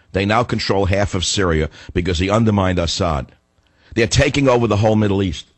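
A hoarse man hosting a radio talk show, delivering a combative, ranting monologue. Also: fairly low pitch, no echo. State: hoarse from a cold.

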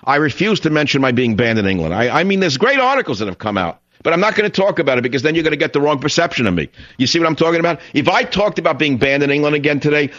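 A man's voice: on the high side, big pitch swings, racing, hardly any pauses, a bit bright, dull audio. Combative older man ranting on talk radio. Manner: combative, sarcastic, fires rhetorical questions. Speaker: radio talk show host. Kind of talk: opinionated talk radio monologue.

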